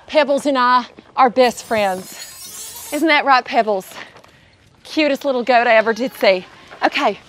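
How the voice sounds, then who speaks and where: High-pitched goofy woman hosting kids' video. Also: a little slow, noisy background. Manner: goofy, chatty, talks to the animals. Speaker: kids' show host. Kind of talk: playful educational kids' vlog. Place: outdoor animal sanctuary.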